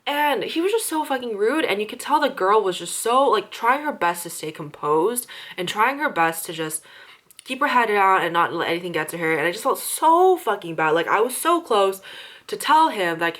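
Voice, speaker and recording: A woman's voice: medium pitch, very animated, normal speed, a bit bright. A young woman who works as a restaurant server, ranting casually with lots of swearing and fillers. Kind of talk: casual chat.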